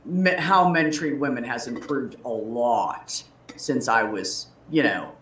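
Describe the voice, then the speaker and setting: A woman's voice: a bass voice, slow, fairly bright tone, distant mic. A woman in her thirties hosting a casual livestream chat, telling a story in a profane, heated way. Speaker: livestream host. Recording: roomy echo.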